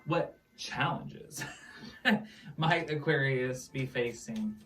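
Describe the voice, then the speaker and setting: A man's voice: medium pitch, extremely slow, noisy background. A man with a Midwestern accent co-hosting a tarot reading, loose and joking, laughing often and swearing casually. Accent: Midwestern American. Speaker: tarot reader, co-host. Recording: distant mic with music underneath.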